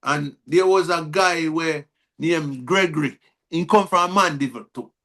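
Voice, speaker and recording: High-voiced Jamaican man telling his story. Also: measured pace, bright, forceful tone. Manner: repetitive, restarts words, acts out quoted dialogue in Jamaican Patois. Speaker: guest, reggae artist. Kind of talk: personal life story told in conversation.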